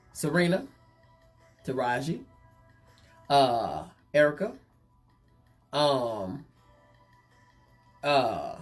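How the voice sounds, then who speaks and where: A woman hosting a gossip show, teasing and playful, repeating herself for effect. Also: deep voice. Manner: playful, repetitive, drawn-out teasing. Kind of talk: casual gossip chat.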